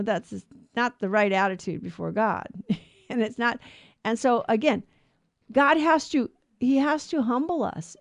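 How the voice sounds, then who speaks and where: A woman with a slightly high voice hosts a radio Bible show, teaching scripture earnestly and emphatically. She restarts her sentences quickly, and the recording has no echo.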